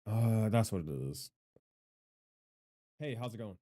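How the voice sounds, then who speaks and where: A man with a low voice talks into a studio microphone at his home streaming setup. He speaks slowly, and his pitch moves up and down a lot. He is loud and rambling, and he pokes fun at himself while he adjusts his gear. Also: expressive. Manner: loud, rambling and self-deprecating. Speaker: gaming content creator and streamer. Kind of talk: casual livestream mic testing. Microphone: studio microphone with equalizer.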